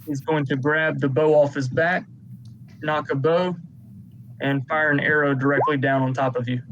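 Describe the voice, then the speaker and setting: Casual male game master, slightly high voice. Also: little pitch movement, moderate pace, fairly bright tone, muffled recording, slight background noise. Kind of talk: narrating a tabletop game.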